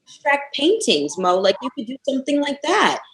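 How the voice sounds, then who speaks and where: A woman guest on a casual podcast interview, telling stories lively and laughing often. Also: high-pitched, normal speed, echoey room, poor audio.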